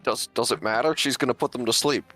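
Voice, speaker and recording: A man's voice: medium pitch, fairly quick, bright, forceful tone, faint music behind. A man playing a tabletop game, casual, joking and asking questions. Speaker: player.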